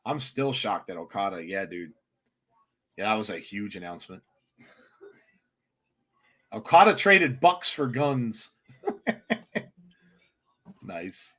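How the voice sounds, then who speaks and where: A man co-hosting a live wrestling watchalong, giving excitable reaction commentary with many restarts. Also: fairly low pitch, slow, pauses often.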